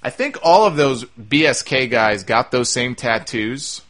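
A man's voice: medium pitch, lively intonation, a little slow, fairly bright tone. A man hosting a podcast who answers listener mail in a conversational way. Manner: conversational, with frequent "uh" fillers and restarts. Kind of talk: casual podcast talk.

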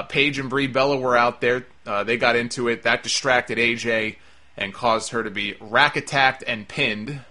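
A man's voice: mid-range voice, pushed and bright. A man giving a casual, sarcastic review of a wrestling show. He sounds exasperated and swears freely.

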